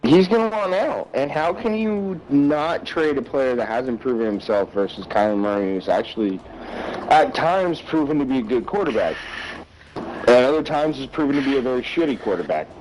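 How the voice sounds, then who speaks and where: A man's voice: mid-range voice, animated, moderate pace, darkish tone, faint music behind, low-quality recording. A man co-hosting a podcast, ranting bluntly about football with plenty of swearing in casual sports chat. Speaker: podcast co-host.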